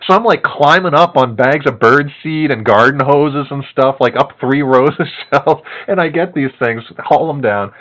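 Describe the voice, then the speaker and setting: A man casually telling a long story to a co-host, animated and laughing often, with many fillers. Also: medium pitch, normal speed, few pauses, poor audio.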